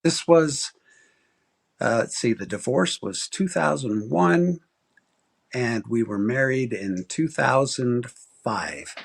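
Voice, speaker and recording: A man in his sixties from Arizona, a guest author telling a personal story in a casual interview, animated and acting out quoted voices. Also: slow, gravelly, breathy edge. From Arizona, USA. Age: 60s. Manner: animated storyteller, acts out quoted voices with big pitch jumps.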